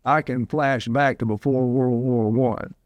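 A man's voice: mid-range voice, steady tone, measured pace, dull audio, slight background noise. A man in his eighties from Alabama, preaching a sermon in a folksy, rambling way. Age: 80s. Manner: folksy, digressive storytelling. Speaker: pastor.

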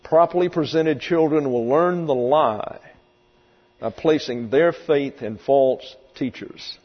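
A man's fairly high voice moves at a slow pace through an expository sermon. As a pastor, he preaches with emphasis and vividness, occasionally acting out quoted voices, in a reverberant hall whose dull lo-fi recording carries mains hum.

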